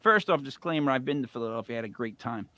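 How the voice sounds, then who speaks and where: A middle-aged man co-hosting a live show, telling a long casual story in a rambling, animated way, swinging between loud bursts and mutters. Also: medium pitch, fast talker, no echo. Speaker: co-host.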